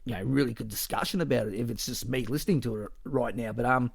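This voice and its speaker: A man's voice: medium pitch, fast, gravelly, husky. A man talking alone on his podcast in an easygoing, meandering way. His voice sits in the middle range, and his speech is full of swearing and false starts. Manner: rambling and casual, with frequent swearing and restarts. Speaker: podcast host. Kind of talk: solo podcast monologue.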